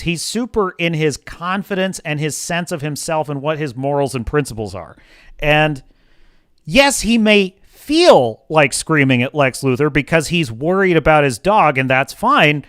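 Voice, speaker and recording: A man's voice: fairly high pitch, a bit bright, no echo, clean studio sound. Passionate man hosting a film chat. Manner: passionate, opinionated. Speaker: livestream host. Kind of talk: casual film commentary.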